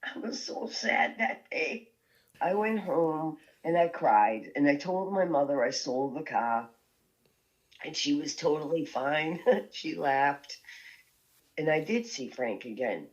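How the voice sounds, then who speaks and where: A woman telling a story as a podcast guest, lively and laughing often as she goes. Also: low-pitched, slow pace, muffled recording.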